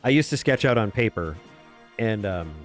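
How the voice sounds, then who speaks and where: Low-voiced man chatting while drawing. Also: animated, moderate pace. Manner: rambling, chuckling, muttering softly while working. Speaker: webcomic artist streaming. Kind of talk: casual chat while drawing on stream. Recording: faint music behind.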